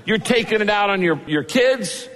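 A man's voice: high voice, moderate pace, a little hiss or hum. Man preaching in an echoing hall. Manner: animated storyteller acting out characters' lines. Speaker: pastor. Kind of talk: sermon. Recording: long hall reverb.

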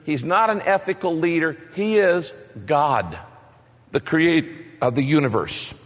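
A man's voice: fairly high pitch, expressive, unhurried. Guy preaching a sermon, voice jumps all over, lots of repeated questions, big echoey hall. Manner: emphatic preaching, rhetorical questions and repetition. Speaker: pastor. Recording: long reverb of a large hall.

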